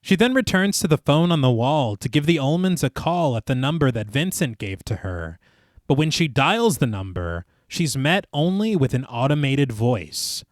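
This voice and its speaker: Man, podcast co-host, animated plot recap, dry close mic. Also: medium pitch, normal speed, no echo. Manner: narrates plot at length, lively.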